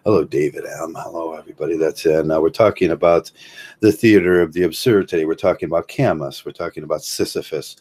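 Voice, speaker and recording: Low husky-voiced Midwestern man rambling. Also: darkish tone. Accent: American Midwest. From Ohio, USA. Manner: halting, many fillers and restarts, chuckles often. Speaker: livestream host. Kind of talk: rambling livestream monologue.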